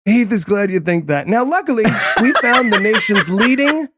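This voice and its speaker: A man hosting a comedy podcast, reading gag announcements in a teasing, deadpan way. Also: sits high, moderate pace, very noisy. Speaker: podcast host.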